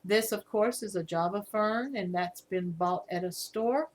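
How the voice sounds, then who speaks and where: A woman's voice: mid-range voice, measured pace. A woman in her fifties with a Southern US accent, casually chatting on a live stream and reading viewer comments aloud. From Virginia, USA. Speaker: livestream host.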